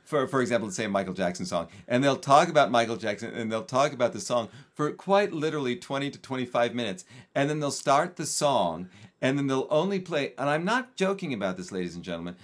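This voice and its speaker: A man's voice: mid-range voice, animated, fast. A man hosting a podcast in casual chat, dropping frequent murmured backchannels and wry asides. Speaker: podcast host.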